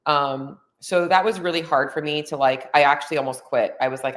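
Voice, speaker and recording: A woman's voice: rumbling low, fairly even intonation, brisk. A woman hosting a podcast, talking casually and candidly about her own experience. She uses many fillers and gets openly emotional. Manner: chatty, lots of "like" and "um" fillers. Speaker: podcast host. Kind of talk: casual personal monologue.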